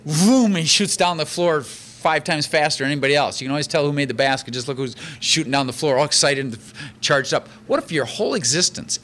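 A man preaching a sermon in an animated, conversational way, reading verses and explaining them with everyday examples. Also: high voice. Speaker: pastor.

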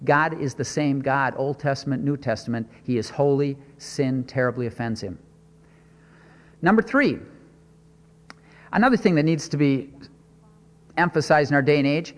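A man's voice: on the high side, expressive, normal speed, in a large hall. A man preaching a sermon, stressing and repeating his points and asking rhetorical questions.

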